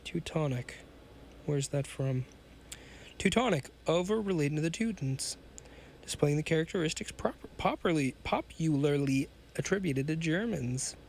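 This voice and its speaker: A man reads an old pulp magazine story aloud for his podcast. His voice sits a little high, and he breaks off for casual, chatty asides and trips over the odd word. A faint hiss runs underneath. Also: expressive, normal speed, gravelly, a little mellow. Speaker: podcast host reading stories.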